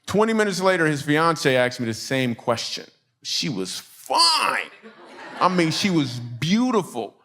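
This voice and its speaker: A man's voice: fairly high pitch, sing-song, a little slow, sharp tone. A middle-aged man from Michigan, a comedian and speaker, telling a funny story to a laughing audience and acting out the people in it.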